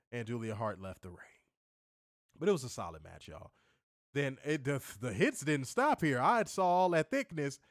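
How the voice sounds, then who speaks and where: A man's voice: fairly high pitch, no room sound, clean studio sound. A man hosting a casual wrestling review show, recapping matches in a loose, profane way and laughing often.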